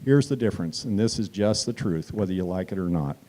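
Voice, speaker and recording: Low, dark-voiced man giving a rousing speech. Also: animated, fairly quick. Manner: emphatic storytelling, rising to loud declarations. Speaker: town hall speaker. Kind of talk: political stump speech. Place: community meeting hall.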